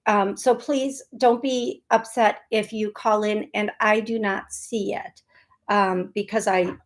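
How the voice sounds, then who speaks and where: A woman's voice: mid-range voice, steady tone, slow pace. A woman hosting a live psychic reading, rambling and playful, laughing often and spelling out names as she goes. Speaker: psychic medium host.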